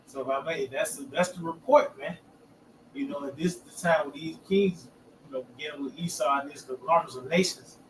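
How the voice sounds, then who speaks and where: A man's voice: a little high, a little fast, recorded from a distance, slight background noise. A man in a casual group discussion of scripture, who often ends his phrases with "man". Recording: echoey room, voice from off-mic, faint ambience.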